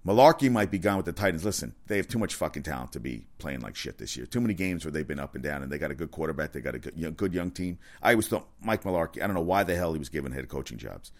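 Deep-voiced man ranting about sports. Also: very fast, few pauses. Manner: excitable, profane, rambling with self-corrections. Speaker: sports commentator. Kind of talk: casual sports rant.

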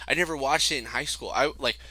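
Bright-voiced young man telling profane stories. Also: mid-range voice, quick pace, slight background noise, low-quality recording. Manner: profane storytelling, acts out quotes. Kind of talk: casual chat.

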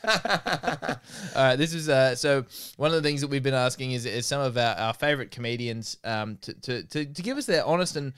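A man's voice: medium pitch, normal speed, a bit bright, smooth. A man co-hosting a comedy podcast, joking around and laughing often as he talks. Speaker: podcast co-host. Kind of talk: casual comedy chat.

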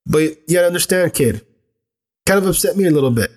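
A man's voice: a little high, expressive, quick pace, a little mellow. A man in his thirties, a father, talking earnestly and candidly about raising his kids in a loose, rambling way. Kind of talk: reflective personal talk.

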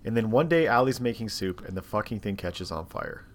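A man co-hosting a podcast, telling a story in casual, animated, exasperated bursts full of swearing. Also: fairly low pitch, fairly quick. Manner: animated, profane, exasperated retelling. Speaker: podcast co-host. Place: seated in a podcast studio chair.

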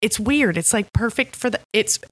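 A woman in her thirties or older co-hosting a casual podcast, animated and laughing, with playful sound effects. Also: medium pitch, moderate pace, a crowd in the background. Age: over 32. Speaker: podcast co-host. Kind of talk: casual chat recapping a TV show.

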